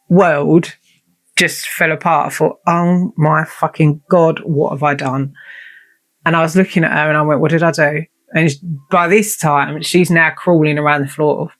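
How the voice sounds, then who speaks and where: A woman hosting a podcast, telling a personal story in a frank, self-mocking way and swearing freely. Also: low voice. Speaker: podcast host. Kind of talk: casual storytelling monologue.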